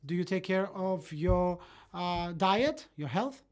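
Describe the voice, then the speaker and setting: A live voice-over interpreter carries a parenting lecture sentence by sentence. The delivery is halting, with frequent fillers and quick self-corrections, at a middle pitch. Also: lively intonation.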